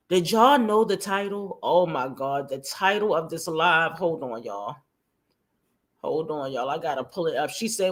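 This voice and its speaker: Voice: medium pitch, moderate pace, a bit bright. A livestream host reacting to a video and reading comments, chatty and slangy, calling viewers "y'all".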